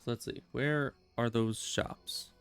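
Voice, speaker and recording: Casual male game streamer, smooth clear voice, faint music underneath. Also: mid-range voice, steady tone, slow. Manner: chatty, rambling, self-amused. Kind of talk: casual gameplay commentary.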